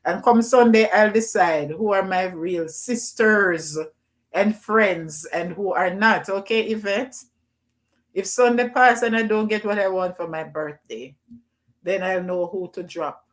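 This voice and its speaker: A middle-aged woman with a Jamaican accent, hosting a casual livestream and shouting out names from the chat. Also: medium pitch, unhurried. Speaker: livestream host. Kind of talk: casual live chat with viewers.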